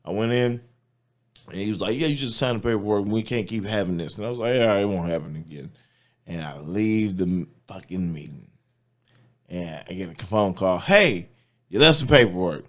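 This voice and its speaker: A man's voice: low voice, moderate pace, darkish tone. A man telling a long, profane story in casual chat, acting out the people he quotes. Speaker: comedian guest.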